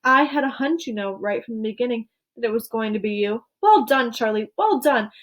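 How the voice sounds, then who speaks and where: A woman voicing an excitable, eccentric male candy maker in a read-aloud storybook. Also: fairly quick, close to an everyday voice. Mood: gushing excited. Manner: exuberant, gushing, high-spirited.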